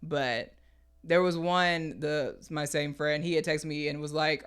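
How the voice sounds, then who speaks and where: A woman with a bright, pointed tone trades teasing stories as a podcast co-host. Her chat is loose and playful, and laughter keeps breaking in. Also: deep voice, animated, unhurried, smooth. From Kansas City, Missouri. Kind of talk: casual chat.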